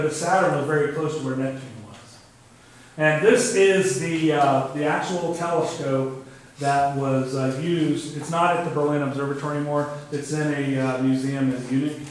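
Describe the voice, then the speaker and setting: A man giving a casual astronomy lecture to a club audience, talking through his slides with lots of fillers. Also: a little high. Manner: conversational, many fillers, says "kinda neat". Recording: very echoey room, faint background noise.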